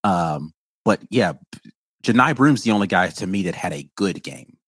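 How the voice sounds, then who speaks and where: Deep, husky man on a podcast. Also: expressive, moderate pace, fairly bright tone, no echo. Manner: opinionated, stumbles and restarts words. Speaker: podcast co-host. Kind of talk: casual sports podcast chat.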